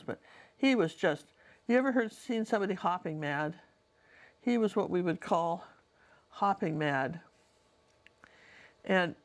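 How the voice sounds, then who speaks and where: Fairly low in pitch with vocal fry, a middle-aged woman paints and tells personal stories in a chatty, meandering way. She speaks straight to the viewer, casually storytelling as she works.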